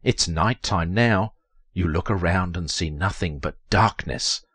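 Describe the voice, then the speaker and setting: A man's voice: measured pace, a bit bright, husky, dry recording. A man narrating a text adventure in a theatrical, dramatic reading voice. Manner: theatrical, leaps to high strained pitch on quoted lines.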